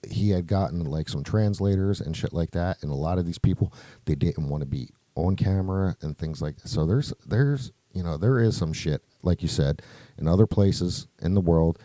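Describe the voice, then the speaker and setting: A man's voice: low-pitched, moderate pace, hardly any pauses, mellow, no room sound. A man co-hosting a podcast, rambling loosely in casual chat and swearing often. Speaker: podcast co-host.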